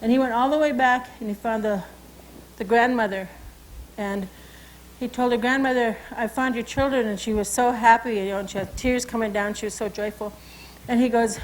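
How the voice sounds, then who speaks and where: A woman's voice: a little high, steady tone, brisk, slight background noise, rough recording. A woman with a Salish accent, telling a traditional story and teaching animal names in a loose, informal way, often saying "you know" and "okay.". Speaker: cultural educator.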